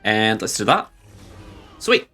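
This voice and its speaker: A man's voice: lowish voice, sing-song, takes it slowly, sharp tone, soft background music. A man streaming a video game, chatting casually about his moves and poking fun at himself. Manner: rambling, self-deprecating, chuckling. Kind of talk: casual gameplay commentary.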